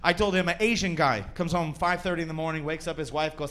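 A young male stand-up comedian tells a story to a crowd in a fairly high voice. He acts out each person in it, jumping into shrill, cartoonish voices along the way. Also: fast, fairly bright tone.

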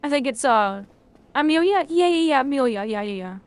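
High-voiced woman chatting on stream. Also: lively intonation, a little fast, dry recording. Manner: casual, rambling, swears freely, reads out chat. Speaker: video game streamer. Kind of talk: live game stream chat.

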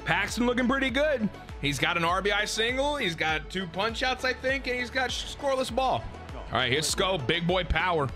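A man giving live gameplay commentary, excitable and full of profane trash talk. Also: sits high, normal speed, faint music behind. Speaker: gaming YouTuber.

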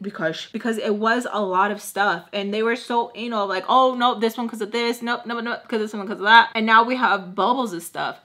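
A woman's voice: mid-range voice, a bit bright. A young woman in her twenties telling a storytime while doing her makeup, blunt and profane, peppering her speech with Spanish and fillers. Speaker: storytime vlogger.

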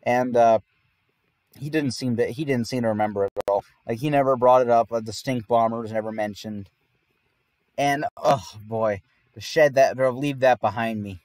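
A man's voice: medium pitch, moderate pace, a little mellow, no echo. A man telling a long personal story in casual podcast chat, rambling and often laughing mid-sentence. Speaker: podcast host.

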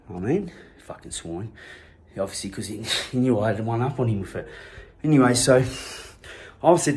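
A man's voice: mid-range voice, lively intonation, normal speed, pauses often, darkish tone. A man with an Australian accent, telling a personal story in a rambling, slang-heavy way full of swearing. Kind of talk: casual anecdote telling.

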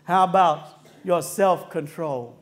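A man preaching a sermon, emphatic and building to shouts, drawing call-and-response from the congregation. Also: fairly high pitch, slow.

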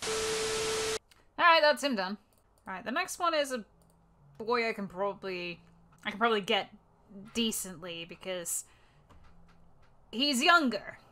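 A woman's voice: medium pitch, animated, a little slow, pauses often, pushed and bright, a little hiss or hum. A woman with an Australian accent chatting casually between audition takes, swearing a lot and joking at her own expense. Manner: swears a lot, self-mocking and giggly. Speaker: voice actor auditioning.

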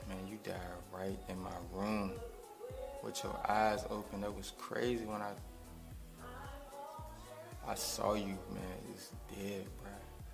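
A young man speaking to his late father in a halting, slang-heavy vlog monologue, close to tears. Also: on the low side, little pitch movement, gravelly. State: on the verge of tears. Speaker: vlogger. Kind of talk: grieving monologue to camera. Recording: music playing under the voice.

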